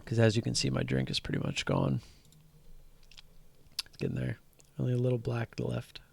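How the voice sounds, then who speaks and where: A man's voice: medium pitch, steady tone, normal speed, creaky, slightly rough. A man hosting a casual stock trading live stream, rambling with frequent fillers and restarts.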